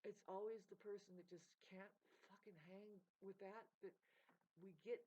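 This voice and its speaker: A woman ranting to her viewers, rambling and swearing as she swings between loud outbursts and low mutters. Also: fairly even intonation, moderate pace. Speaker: vlogger. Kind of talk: emotional unscripted rant to camera. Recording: dull lo-fi recording.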